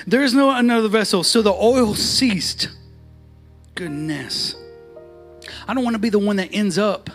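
A man preaching a sermon in a notably high voice. He swings from hushed asides to fervent, chanted calls. Soft music plays faintly behind him.

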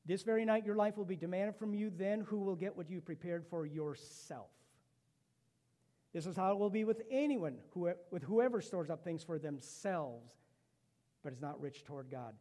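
A middle-aged male pastor preaching a sermon in a church, emphatic, with loud punches and hushed asides. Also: high-pitched, normal speed. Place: church sanctuary. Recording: long hall reverb.

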